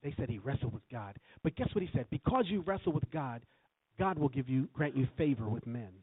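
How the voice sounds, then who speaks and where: A man's voice: mid-range voice, expressive, fairly quick, breathy edge, no room sound. Man preaching a sermon over a tinny line. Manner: storytelling, quoting scripture with emphatic swells. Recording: tinny phone-like recording.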